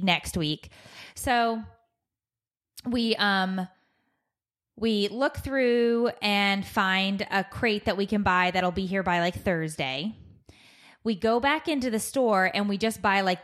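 A middle-aged woman, a podcast host, casually telling a story and acting out the people in it. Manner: animated, laughs, acts out her daughter in a high crying voice.

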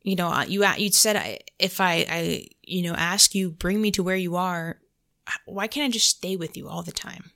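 The host of a casual faith podcast has a low, gravelly, fairly bright voice and a moderate pace. She shares a story, saying "like" often and quoting her prayers out loud in between.

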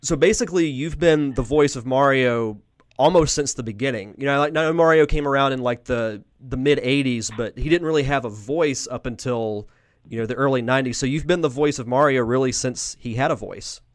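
A man hosting a podcast interview, asking friendly, brisk questions and reading event promos. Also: medium pitch, no echo, studio quality. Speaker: podcast host. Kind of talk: casual interview. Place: Pensacola, Florida area.

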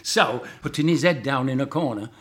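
An older man from southern England, an actor guest, reciting a comic monologue and chatting in a lively storytelling way. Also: medium pitch, moderate pace.

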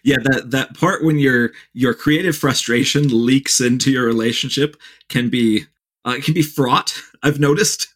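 A man's voice: mid-range voice, normal speed, a bit bright. A man hosting a podcast, chatting in an easygoing way with his guest. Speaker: podcast host. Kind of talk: casual podcast conversation.

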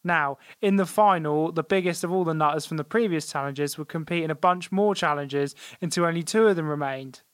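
A man's voice: on the high side, brisk, hardly any pauses, clear, resonant tone, dry recording, studio quality. Man telling a mock-dramatic story. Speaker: podcast host. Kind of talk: comedic casual chat.

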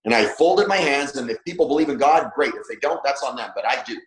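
A man's voice: medium pitch, expressive, quick pace. A man guesting on a podcast, telling a personal story bluntly and emphatically, swearing freely. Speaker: podcast guest, trainer and coach. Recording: roomy echo.

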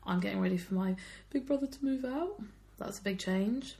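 Fast-talking chatty young woman. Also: medium pitch, warm tone. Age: 20s. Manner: chatty, self-deprecating, laughs often. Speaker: podcast co-host. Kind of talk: casual chat.

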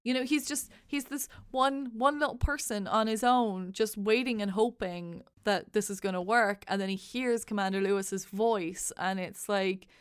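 Woman cohost, smooth clear voice, rambly casual film chat, dry mic. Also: mid-range voice, fairly even intonation, moderate pace, hardly any pauses, no echo. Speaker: podcast co-host. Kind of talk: casual movie review chat.

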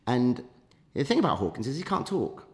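A man's voice: medium pitch, big pitch swings, brisk. A man, a podcast guest, telling a long anecdote in casual chat with many fillers and restarts.

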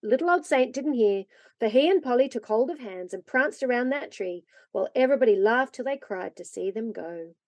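Woman reading a storybook with lively expression. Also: fairly high pitch, a little fast, no echo. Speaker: reader.

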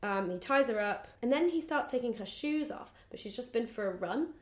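A woman's voice: a little high, brisk, faint music behind. Chatty woman in an echoey room. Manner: animated storytelling, acting out quotes. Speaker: podcast co-host. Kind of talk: casual chat, recapping a book. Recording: roomy echo.

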